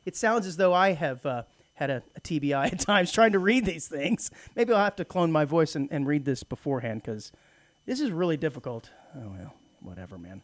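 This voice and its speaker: A man's voice: on the high side, expressive, brisk, no room sound. A man from Texas co-hosting a community radio show, chatting casually in a joking, rambling way from a studio microphone.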